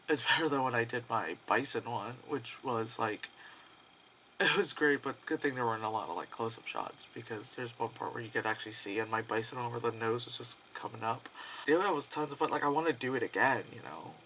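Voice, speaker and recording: A man chatting casually in a vlog, rambling and excitable, full of fillers and swearing. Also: mid-range voice, brisk, a little hiss or hum, rough recording. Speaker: vlogger.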